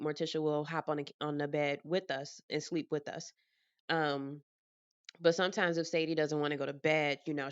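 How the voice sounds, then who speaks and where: A woman vlogger chatting casually to camera from her apartment, telling animated stories and laughing often. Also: on the low side, clean tone, muffled recording.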